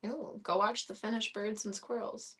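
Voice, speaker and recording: A woman of middle pitch talks casually to her stream from home. She chats in a relaxed, wry way. She slips into cooing baby talk whenever she turns to her pets. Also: normal speed, husky. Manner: chatty and wry. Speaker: live streamer.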